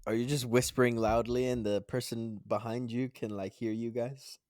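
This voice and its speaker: A man's voice: mid-range voice, little pitch movement, moderate pace, darkish tone, no echo, clean studio sound. A young man and podcast co-host in casual chat, laughing a lot and throwing in crude jokes.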